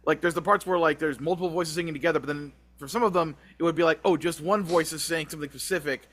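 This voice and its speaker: A man co-hosting a podcast, telling a long story in a rambling, animated way with frequent laughs. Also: fairly high pitch, fast talker. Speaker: podcast co-host. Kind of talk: casual chat.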